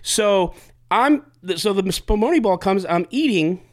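A man's voice: sits high, animated, measured pace. A man hosting a podcast, telling a story in casual chat, rambling with restarts and acting out what people said. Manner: rambling, restarts and acts out quotes. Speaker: podcast host.

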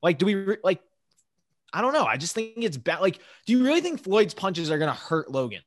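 A man's voice: high voice, big pitch swings, a little fast. A man co-hosting a podcast, arguing his point insistently in a casual chat. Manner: argumentative, insistent. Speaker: podcast co-host.

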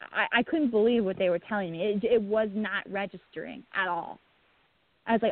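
A woman, a guest on the show, telling a painful personal account in a halting way, with many restarts and a breaking voice. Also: mid-range voice. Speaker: guest, bereaved mother. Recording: tinny phone line.

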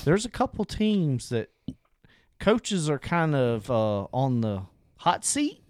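A man co-hosting a podcast in casual sports chat, relaxed and prone to restarts. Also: on the high side, takes it slowly, no echo. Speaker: podcast co-host.

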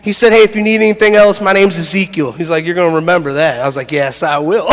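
A man preaching a sermon, an animated storyteller who laughs through his stories and builds to shouted preaching. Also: high voice, fast talker, big-room sound. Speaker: pastor. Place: church sanctuary.

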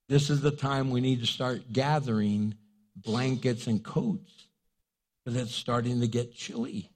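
A man's voice: mid-range voice, a little mellow, husky. A middle-aged man preaching a sermon as pastor, earnest and conversational, often acting out quotes.

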